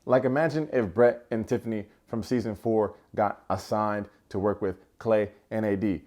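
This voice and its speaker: A man's voice: fairly low pitch, steady tone, normal speed, a little mellow. A young man giving a casual, joking recap of a reality show, acting out quotes in funny voices. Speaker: recap vlogger.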